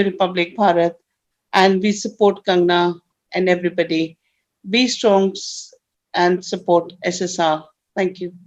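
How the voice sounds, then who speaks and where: A woman from London speaking earnestly and haltingly at an online rally as a group representative. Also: mid-range voice. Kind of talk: impassioned public statement. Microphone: video call. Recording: muffled video-call audio.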